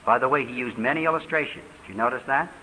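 An older man preaching in a question-and-answer session at a church, talking quickly with fervent emphasis. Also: medium pitch, bright, forceful tone. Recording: reverberant hall, faint hiss.

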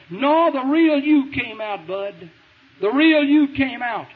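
A man preaching a sermon in a folksy, emphatic way, pushing into shouts, heard over a tinny radio broadcast. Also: extremely high pitch, animated, a little slow. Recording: tinny phone-like radio broadcast with faint hiss.

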